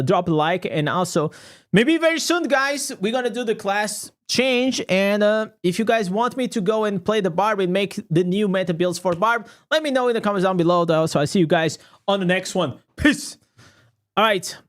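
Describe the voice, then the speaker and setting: A man giving casual, excitable reaction commentary as a gaming content creator, chatty and laughing often. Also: high voice.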